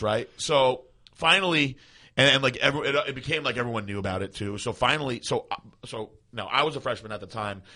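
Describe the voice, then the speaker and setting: A man co-hosting a podcast, telling a story in a casual, animated way, swearing and laughing often. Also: medium pitch. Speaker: podcast co-host.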